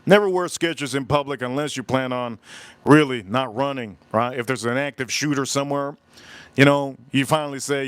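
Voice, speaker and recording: A man hosting a livestream, telling a story in an animated, emphatic way and repeating phrases for effect. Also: medium pitch, normal speed, smooth, no room sound. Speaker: livestream host. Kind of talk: live-stream storytelling chat.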